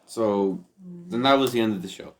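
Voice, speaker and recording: A man co-hosts a podcast in casual chat, blunt and teasing and swearing freely. His voice is lowish, at a moderate pace.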